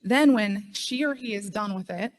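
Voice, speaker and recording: A middle-aged woman speaks at a conference podium. Her delivery is chatty and self-deprecating, full of ums and quick asides as she talks to the room. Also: mid-range voice. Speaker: state official speaking at a conference. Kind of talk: conference speech.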